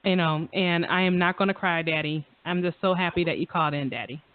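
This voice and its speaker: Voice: mid-range voice, steady tone, fast talker. Effusive chatty radio host on a phone line. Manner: chatty, effusive, with many fillers. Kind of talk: casual radio talk show chat. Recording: dry phone-line audio.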